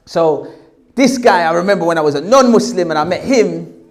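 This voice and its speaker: A man telling his own story in a lively, self-mocking way, acting out the dialogue. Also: high voice, fairly quick. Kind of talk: storytelling talk.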